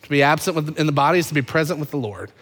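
A man preaching a sermon as pastor, impassioned, swinging from loud emphasis to hushed, low moments. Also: lively intonation, racing. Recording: long hall reverb.

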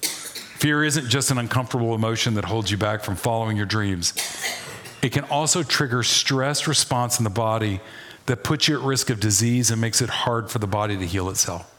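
A middle-aged pastor delivers a sermon in a lowish voice at normal speed. His style is folksy and animated, with playful asides and humor.

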